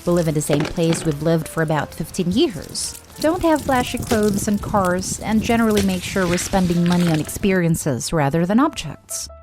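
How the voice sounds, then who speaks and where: Low-voiced woman reading a post. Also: lively intonation, normal speed, few pauses, over music. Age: 20s. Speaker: storyteller. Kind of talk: reading an online advice post.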